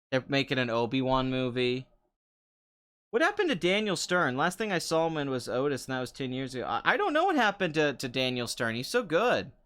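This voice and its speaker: A man's voice: medium pitch, a bit bright, clear, resonant tone. A young man hosting a casual chat show, answering viewer comments in a sarcastic, rambling way and laughing often. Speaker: podcast host.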